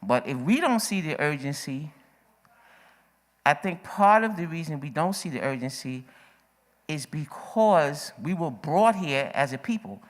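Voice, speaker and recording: A woman with a low voice takes the open mic at a community forum. She is a little out of breath, and her remarks are emphatic and repetitive, pressing hard on the urgency. The long echo of a meeting hall surrounds her. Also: animated, unhurried. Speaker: audience member speaking at a forum. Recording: echoey hall.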